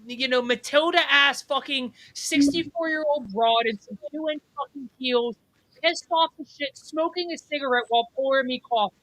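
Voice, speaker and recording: Man, Philly / South Jersey accent, podcast co-host, profane, heated, bright forceful voice. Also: very high-pitched, moderate pace, poor audio. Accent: Philadelphia / South Jersey. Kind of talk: casual chat.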